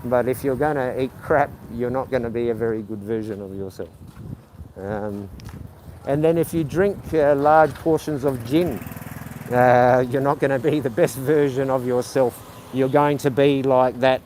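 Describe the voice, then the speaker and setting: This is a man hosting a relaxed walking stream outdoors in the city, his mid-range voice a little mellow and his pace normal. He stutters, rambles, says um a lot, and answers his chat sarcastically, with faint street noise behind him.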